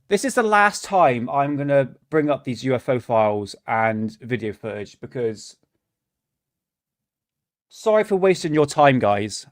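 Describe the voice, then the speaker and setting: A man with a fairly high voice hosts a reaction stream, his talk full of exasperated swearing. He stumbles over repeated restarts as he vents. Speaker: livestream host. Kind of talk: reaction livestream rant.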